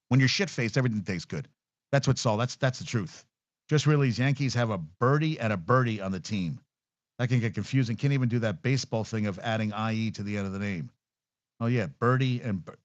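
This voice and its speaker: A man's voice: fairly low pitch, no room sound. A man hosting a sports podcast, giving casual solo commentary with blunt, profane rants. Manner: blunt, profane, ranting asides. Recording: dull, dry lo-fi sound.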